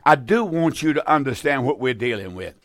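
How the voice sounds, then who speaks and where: A man's voice: mid-range voice, animated, brisk, no echo. A man in his eighties hosting a call-in radio program, preaching earnestly with many restarts and repeated words. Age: 80s.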